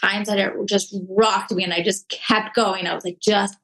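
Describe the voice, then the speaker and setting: A woman's voice: mid-range voice, steady tone, moderate pace, sharp tone, rough recording. A woman speaking earnestly and reflectively in a casual podcast conversation, with many fillers. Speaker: podcast guest.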